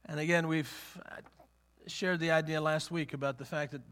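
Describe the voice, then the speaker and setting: Preaching in a conversational style, a man with a slightly high, fairly bright voice holds a steady tone and moderate pace. He often repeats and restarts phrases and voices the characters in his story.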